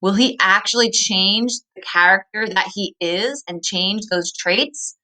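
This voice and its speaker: A woman teacher reading a story aloud to children, stopping to ask questions and slowing to stress key words. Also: medium pitch, pushed and bright, poor audio.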